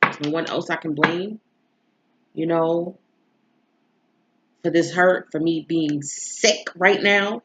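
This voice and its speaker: A woman's voice: low-pitched, steady tone, slow, long pauses, background noise. A woman tarot reader telling viewers a personal story in a casual, candid, emotional way, swearing freely. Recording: slightly dull lo-fi recording.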